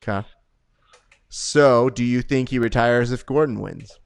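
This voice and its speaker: A man's voice: medium pitch, creaky, clean tone, no echo. A man co-hosting a podcast, chatting and joking while commenting on a grappling event. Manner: joking, animated, quick asides. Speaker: podcast co-host. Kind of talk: casual live commentary chat.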